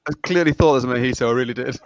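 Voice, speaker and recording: A man's voice: mid-range voice, racing, no echo, low-quality recording. A man in casual chat on a video call, playful and self-mocking.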